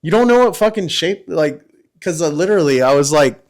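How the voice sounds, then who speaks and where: A man's voice: a little high, lively intonation, a little fast. A middle-aged man, a former Marine guest on a podcast, telling a war story in casual, profane chat and acting out what people said. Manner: profane, laughing storyteller who acts out quotes.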